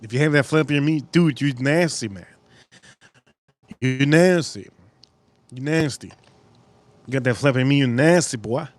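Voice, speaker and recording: A man hosting a live cooking stream outdoors at a grill, talking in a casual, profane way with sudden loud exclamations. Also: medium pitch, normal speed, long pauses, no room sound.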